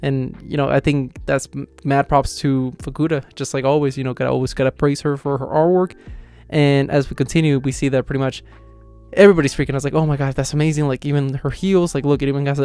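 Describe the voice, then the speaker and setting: Guy reacting to a manga chapter, smooth clear voice, kinda flat, says like a lot, faint music behind. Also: medium pitch, fast. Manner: rambling, heavy with fillers like "like" and "you know"; excited, acts out characters' lines in his own voice. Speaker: manga reviewer. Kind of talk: casual reaction commentary.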